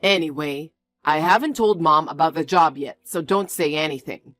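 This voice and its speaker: A woman's voice: low voice, moderate pace, fairly bright tone, dry recording, faint music behind. A woman voicing a defensive, bossy young man who talks in a curt, scolding way. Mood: evasive.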